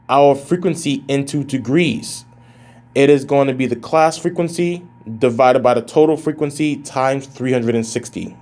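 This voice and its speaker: In a recorded math lecture, a male professor with a medium-pitched, darkish voice teaches in a casual, plain-spoken way, calling his students guys and thinking aloud while working through calculations.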